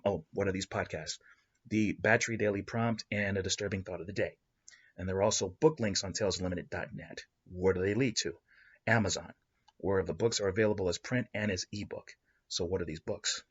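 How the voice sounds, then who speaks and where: Podcast host, man, rambling story, low husky voice, dull lo-fi recording. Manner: excitable, rambling, with restarts and laughs. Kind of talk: improvised story narration.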